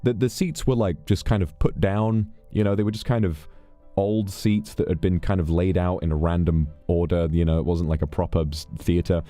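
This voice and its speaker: A man's voice: low voice, steady tone, normal speed, warm tone, soft background music. A British man chatting casually on a stream, rambling and swearing freely as he tells stories.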